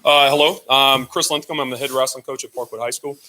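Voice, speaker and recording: A man's voice: medium pitch, fairly even intonation, fast talker, sharp tone, low-quality recording. A man, a head wrestling coach, giving a hesitant introduction at a board meeting, with fillers between phrases. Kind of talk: brief formal introduction.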